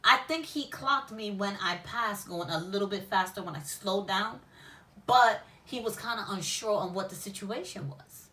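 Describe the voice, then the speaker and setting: A woman telling a casual story about being pulled over, animated and profane, often laughing and acting out the exchange. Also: medium pitch, moderate pace, distant mic. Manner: lively, animated, swearing, with laughs. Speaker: spiritual shop owner and storyteller.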